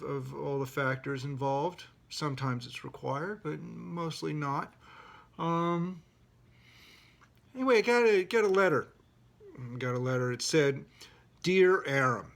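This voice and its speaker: A middle-aged man telling a personal story, indignant and animated, with outraged quoted exclamations. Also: fairly high pitch.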